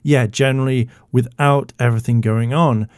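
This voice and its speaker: A man ranting in blunt, profane YouTube commentary, his voice sitting at an ordinary middle pitch. He sounds indignant and heated throughout. The sound is close and dry, with no room echo. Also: fairly even intonation, moderate pace, a little mellow, clean tone.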